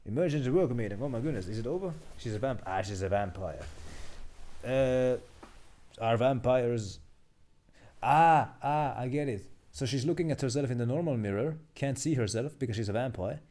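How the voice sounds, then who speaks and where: A man in casual live-stream chat, reading memes aloud and puzzling them out. His voice swings widely in pitch yet stays mellow and dark in tone. He mutters, restarts sentences and laughs at the jokes. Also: lively intonation, moderate pace.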